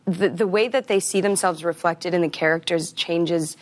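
Chatty, low-voiced woman who laughs easily. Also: moderate pace. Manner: laughs often, chatty with many fillers. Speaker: actor guest. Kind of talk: casual interview chat.

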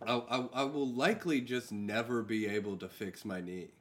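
A young man, a comedian co-hosting a podcast, talking in a laid-back, slangy way and dropping into a low mumble at times. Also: normal speed. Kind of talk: casual chat.

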